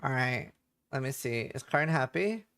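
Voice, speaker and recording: Chatty English streamer, bright voice. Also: male voice, medium pitch, animated, unhurried. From England. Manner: joking, chatty with viewers. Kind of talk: casual live-stream chat.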